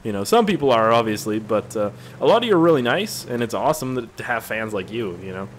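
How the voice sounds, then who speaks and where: A man's voice: medium pitch, expressive, quick pace, a little hiss or hum. Young man rambling over gameplay. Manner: rambling, profane, easily amused. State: tired. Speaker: gaming video creator. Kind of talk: casual gameplay commentary.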